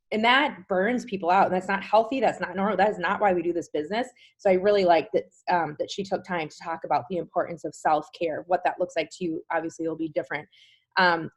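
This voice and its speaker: A woman's voice: lowish voice, slightly rough. A woman in her thirties hosting a group video call, recapping a weekend event in a chatty, enthusiastic way with lots of "like.". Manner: chatty, says "like" often, warm enthusiasm. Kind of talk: casual recap talk.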